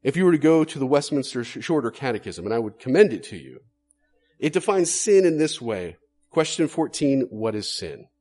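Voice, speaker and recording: A man delivers a sermon with a lively, rising and falling voice. He speaks earnestly, leaning on rhetorical questions and pressing hard on key words. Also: medium pitch, normal speed. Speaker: preacher.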